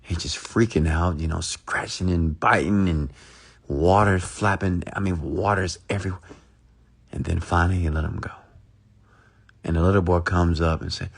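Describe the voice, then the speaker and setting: A man's voice: sits low, fairly even intonation, moderate pace, creaky, breathy edge. A man telling a motivational story in a rambling, emphatic, repetitive way. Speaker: motivational speaker.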